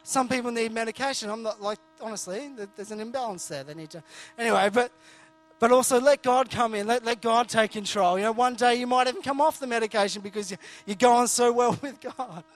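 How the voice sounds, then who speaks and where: Male preacher, high tenor, casual sermon, self-deprecating, stop-start phrasing. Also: fairly quick, faint music behind. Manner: earnest, jokey, frequent restarts. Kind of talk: conversational sermon.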